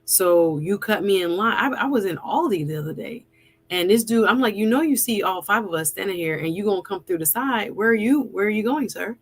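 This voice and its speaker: A woman's voice: mid-range voice, expressive, fairly quick. A woman attorney hosting a casual live-stream talk, chatting with a guest and reading viewer comments aloud. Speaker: host and attorney.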